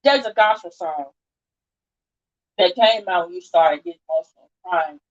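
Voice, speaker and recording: A woman's voice: lowish voice, moderate pace, lo-fi sound. A woman hosting an online audio chat room, talking casually and slangily straight to her listeners. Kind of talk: casual live-audio commentary.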